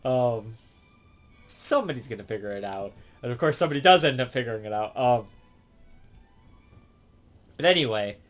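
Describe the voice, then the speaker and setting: A man's voice: mid-range voice, expressive, moderate pace, pauses often. A man with a mid-range voice talks through a cartoon episode in a loose, rambling way. He keeps stopping to restart and correct himself, and leans on "like" and "um". Faint music sits underneath his voice. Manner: rambling, full of fillers and self-corrections. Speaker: show reviewer. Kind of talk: casual rambling episode recap.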